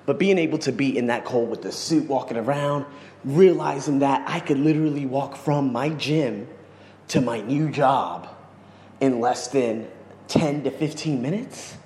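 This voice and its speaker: Excitable man in a roomy echo. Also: mid-range voice, measured pace. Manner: effusive, exclamatory, restless. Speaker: podcast host. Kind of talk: excited vlog monologue. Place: living in Bangkok. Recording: roomy echo with long reverb.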